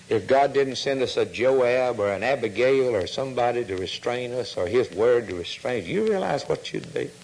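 A man preaching a sermon, fervent and full of rhetorical questions, often dropping to a hushed tone. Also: medium pitch, rough recording.

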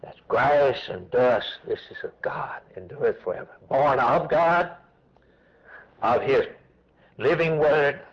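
A man's voice: medium pitch, slow pace, lo-fi sound. A man preaching a sermon with an emphatic, repetitive cadence, asking and then answering his own questions.

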